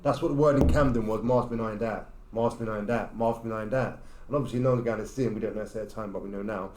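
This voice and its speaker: A man's voice: on the low side, steady tone, fast, darkish tone, roomy sound. A man, a podcast guest who tells a casual story in a streetwise way and acts out what people said. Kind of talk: casual anecdote in a podcast chat.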